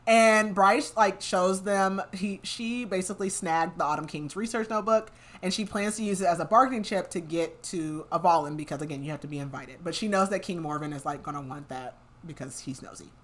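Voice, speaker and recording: A young woman with a lowish voice co-hosts a podcast, recapping a fantasy novel casually and chattily, full of "like" fillers and quick laughs.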